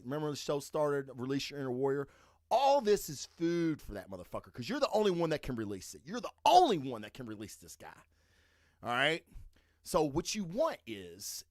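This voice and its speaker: A man's voice: mid-range voice, dry recording, clean studio sound. A man hosting a podcast who delivers a profane, emphatic motivational rant and keeps checking in with "okay?" after his points. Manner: asks "okay?" and "all right?" after points. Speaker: podcast host.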